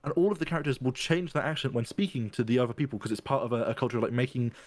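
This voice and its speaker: Fast-talking rambling man, dry sound. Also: mid-range voice, no room sound. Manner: rambling, thinks aloud with many restarts. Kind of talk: casual chat.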